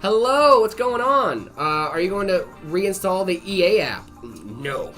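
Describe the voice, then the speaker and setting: A man's voice: sits high, lively intonation, unhurried, fairly bright tone, soft background music. A man co-hosting a livestream in casual chat, rambling in a friendly way and reading viewer messages aloud. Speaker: livestream co-host.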